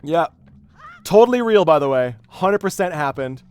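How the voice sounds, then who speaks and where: A man's voice: a little high, normal speed, clear, resonant tone, no room sound, faint music behind. A man hosting a game stream, telling a story in casual chat with many restarts and fillers. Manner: rambling, animated storyteller with frequent restarts. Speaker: streamer host.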